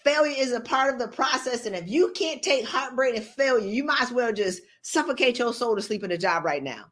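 A woman speaks briskly in a voice on the high side, delivering a motivational talk that is streamed live. Preachy yet playful, she cracks jokes and animatedly acts out small bits of dialogue along the way.

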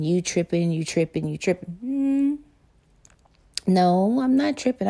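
Gravelly-voiced woman, blunt and profane. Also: medium pitch, warm tone. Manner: blunt, profane, swears freely; acts out both sides when retelling arguments. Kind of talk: casual monologue.

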